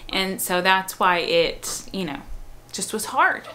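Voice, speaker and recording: A woman's voice: mid-range voice, lively intonation, slow, sharp tone. A young woman casually telling the story of a long, hard labor, chatty and frank, with many fillers and restarts. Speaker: mother telling her birth story.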